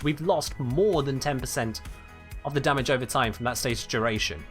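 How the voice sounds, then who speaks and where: A man's voice: a little high, a bit bright. Emphatic man teaching game mechanics. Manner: explanatory, emphatic, answers chat bluntly. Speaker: streamer explaining game mechanics. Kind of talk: live-stream teaching with chat replies.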